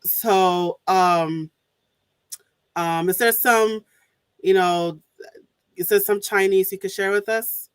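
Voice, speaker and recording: A woman's voice: mid-range voice, fairly even intonation, slow, pauses often, smooth, no room sound. A woman hosting a podcast interview, chatting casually with frequent laughs and restarts. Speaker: podcast host.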